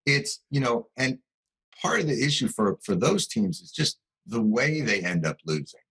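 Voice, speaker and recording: A middle-aged man, a talk-show guest, trading wry, quick comic riffs in casual banter. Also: mid-range voice, very animated, gravelly, fairly bright tone, rough recording.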